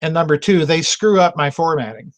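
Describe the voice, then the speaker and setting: A man's voice: a little high, lively intonation, a little fast. A man hosting a members' video chat, talking casually, laughing often and repeating himself as he goes. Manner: chatty and self-mocking, laughs often, repeats words.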